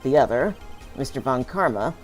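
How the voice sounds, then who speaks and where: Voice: medium pitch, lively intonation, moderate pace, darkish tone, faint music behind, natural voice. A streamer voicing an earnest young male defense lawyer while reading a video game's text aloud, in a near-plain voice. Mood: pressing.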